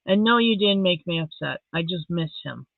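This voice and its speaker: A middle-aged woman from Saskatchewan hosts a casual live stream. She chats softly and emotionally and reads viewer comments aloud. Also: on the low side, expressive, normal speed, vocal fry, dry recording. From Saskatchewan, Canada. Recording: tinny phone-like dry sound.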